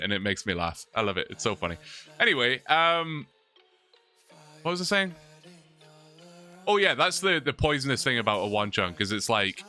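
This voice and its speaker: Young man, bright tense voice, lively rambling livestream chat, laughs a lot, music behind. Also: medium pitch. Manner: rambling, laughs often, reads chat aloud. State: sore mouth from long talking.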